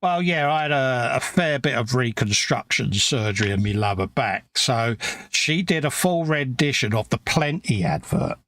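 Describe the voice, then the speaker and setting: A man's voice: medium pitch, lively intonation, normal speed, fairly bright tone, no room sound. A middle-aged man with a London accent, telling wry stories in a casual chat while building models. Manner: wry storytelling, quotes his wife in put-on voices. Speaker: co-host of a model-building stream.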